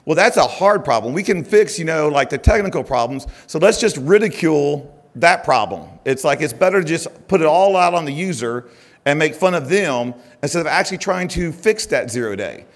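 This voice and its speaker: A man's voice: fairly high pitch, expressive, brisk. Chatty man giving a keynote. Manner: chatty, full of "uh" and "it's like" fillers. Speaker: keynote speaker. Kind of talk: conference keynote. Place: conference stage.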